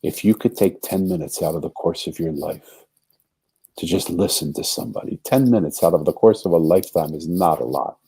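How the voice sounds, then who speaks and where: A man's voice: sits low, brisk, dark tone, breathy edge. A man as a podcast guest, telling a long story in an earnest way and acting out the voices of the people in it. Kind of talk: storytelling in a conversation.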